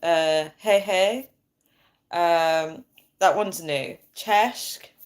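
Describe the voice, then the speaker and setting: A woman's voice: on the low side, very slow. A woman in her thirties hosting a casual phone live stream, chatty and bubbly, reading out viewer comments. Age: 30s. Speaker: livestream host.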